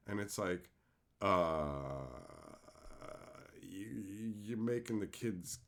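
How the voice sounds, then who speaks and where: A man's voice: lowish voice, very slow. A man hosting a casual livestream, rambling and joking while he reads out viewer chat. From Canada. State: tired after dental work. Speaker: livestream host. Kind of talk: casual live-stream chat.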